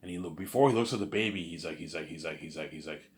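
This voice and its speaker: Male storyteller, low register, loose rambling delivery full of stammers and repeated fillers, with sudden excited outbursts. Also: racing. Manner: repetitive and stammering, with constant "you know what I'm saying" fillers; bursts into excited loud asides. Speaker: storyteller pitching a film idea.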